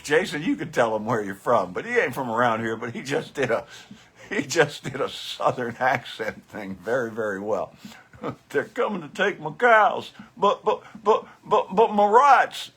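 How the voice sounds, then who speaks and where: A man's voice: mid-range voice, fairly bright tone, slightly rough. Sarcastic, profane male live-show host. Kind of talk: casual live political commentary.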